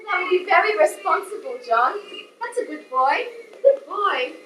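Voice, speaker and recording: A woman's voice: extremely high pitch, animated, normal speed, noisy background. A woman playing a frazzled, helpless young mother on stage, anxious and pleading. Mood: fretful. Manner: anxious and pleading, prone to panic. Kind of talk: live stage comedy acting. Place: community hall stage. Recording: echoey hall, far from the mic.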